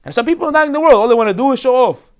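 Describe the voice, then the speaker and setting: Rabbi, man, high voice; lively, jokey Torah class. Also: racing. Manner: animated, jokey, acts out quoted voices.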